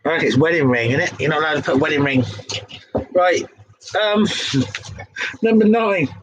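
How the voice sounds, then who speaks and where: A man's voice: fairly high pitch, normal speed, fairly bright tone, muffled recording, a little hiss or hum. A young man with a Devon accent hosting a casual pub quiz, laughing and swearing as he stumbles over the questions. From England. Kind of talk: casual quiz-reading chat.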